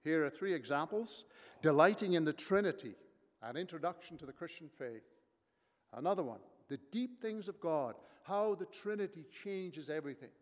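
A man preaching a sermon from the pulpit, his voice sitting a little high for a man. He drives his points home with emphasis and rhetorical questions. A long reverb trails after his words in the big room. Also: animated, moderate pace. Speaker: pastor.

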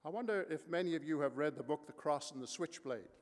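A man preaching a sermon from the pulpit, his voice sitting a little high for a man. He drives his points home with emphasis and rhetorical questions. A long reverb trails after his words in the big room. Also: fast talker. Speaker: pastor.

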